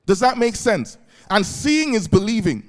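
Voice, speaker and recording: A man's voice: high voice, big pitch swings, normal speed. A male pastor preaching a sermon, often checking if his listeners follow and breaking in with praise. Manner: keeps asking the congregation if it makes sense; repeated "praise the Lord" interjections.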